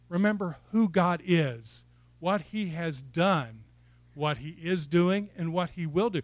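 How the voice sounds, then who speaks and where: A man's voice: on the high side, lively intonation, takes it slowly, dry recording. A man preaching a sermon in church, building to fired-up exhortation and asking the congregation questions. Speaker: pastor.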